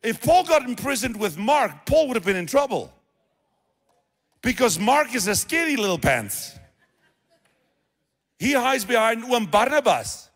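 A man's voice: extremely high pitch, big pitch swings, a little slow, pauses often, a bit bright. A male pastor, preaching a sermon in a conversational, playful storytelling manner. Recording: long reverb of a large hall.

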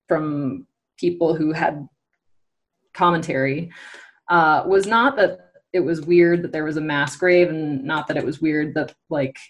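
Low-voiced woman musing in casual talk. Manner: thoughtful, hesitant, many fillers. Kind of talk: casual conversational discussion.

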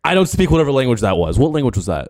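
A man co-hosting a comedy podcast, trading quick jokes. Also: mid-range voice, big pitch swings, darkish tone. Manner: laughing, quick comebacks. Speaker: podcast co-host. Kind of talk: casual comedic chat.

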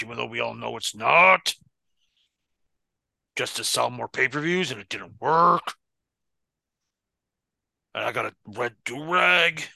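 A man doing a boastful, slow-talking pro wrestler. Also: medium pitch, vocal fry, sharp tone, dry recording, studio quality, heavily acted. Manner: drawn-out, deliberately slow delivery.

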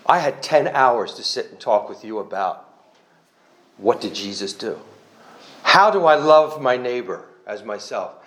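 A man's voice: medium pitch, expressive, unhurried, a bit bright. A man giving a personal testimony to a church congregation, earnest and conversational, with self-mocking humor and a rambling way of restarting his sentences.

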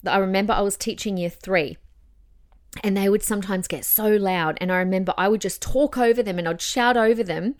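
A young adult woman hosting a casual advice podcast, talking in an encouraging way and demonstrating voice changes as she goes. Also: medium pitch. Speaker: podcast host and voice coach.

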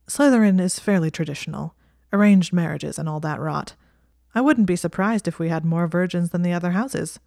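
A woman's voice: on the low side, fairly quick, gravelly, darkish tone, no echo, clean studio sound. A woman voicing an exasperated young male wizard with a wry, sardonic manner.

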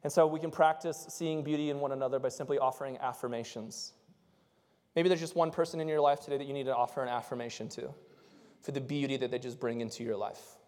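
A male pastor preaching a conversational sermon, swinging from loud, impassioned stretches to soft, intimate ones. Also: medium pitch, steady tone, quick pace, in a large hall.

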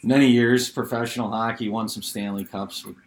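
A middle-aged man and former hockey player, telling a story in casual chat, animated and laughing as he goes. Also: on the low side, fairly quick.

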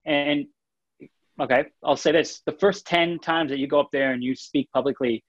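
Male podcast co-host, casual and animated, slightly dull lo-fi sound. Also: a little high, moderate pace. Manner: animated, restarts phrases, reads listener comments.

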